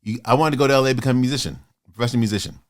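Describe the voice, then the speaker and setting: A man in his fifties hosting his own motivational vlog, talking in a passionate, fired-up way with sudden loud bursts. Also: mid-range voice, very fast. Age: 50s. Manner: acts out doubters in quoted asides. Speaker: author and channel host.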